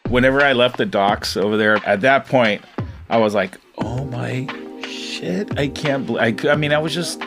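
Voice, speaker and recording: A middle-aged fisherman recounts his story in a loose, animated, conversational way, laughing as he goes. His voice sits at an ordinary pitch for a man. Soft music plays faintly underneath. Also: a little fast. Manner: animated, chatty, laughs often, many "you know"s. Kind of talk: casual storytelling interview.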